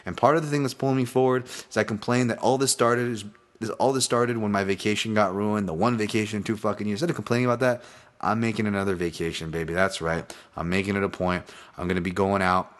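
A man's voice: on the low side, steady tone, fast talker. A man hosting a solo podcast, rambling casually, swearing freely and restarting his sentences. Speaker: podcast host, fight analyst.

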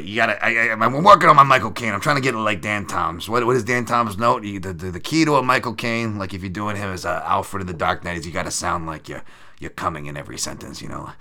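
Speaking fast in a gravelly, sharp, lowish voice, a man hosts a betting show and sizes up upcoming fights. The sports betting podcast commentary is sarcastic, crude, and full of profanity.

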